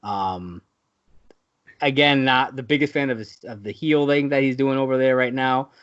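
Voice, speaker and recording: A man co-hosting a podcast, chatting casually about wrestling in a relaxed, rambling way. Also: medium pitch, moderate pace, clear, resonant tone. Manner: relaxed, rambling, many fillers. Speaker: podcast co-host. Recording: dull lo-fi audio.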